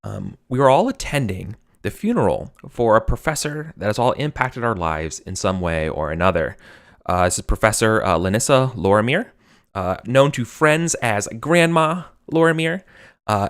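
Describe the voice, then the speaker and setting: A man's voice: lowish voice, a bit bright. An American man hosting a live tabletop game stream as game master, talking in a rambling, chatty way with frequent laughter.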